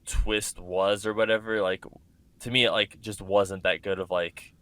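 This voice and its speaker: A man's voice: fairly low pitch, flat delivery, unhurried, fairly bright tone. A man hosting a podcast, chatting loosely and filling his talk with "like". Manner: loose, filler-heavy, says "like" constantly. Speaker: podcast host. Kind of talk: casual podcast chat.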